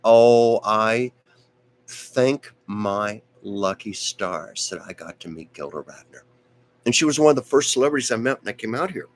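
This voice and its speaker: A lower-pitched man hosts a live stream over slight background noise. He spins a digressive anecdote with many asides and restarts, his strained voice fading in and out.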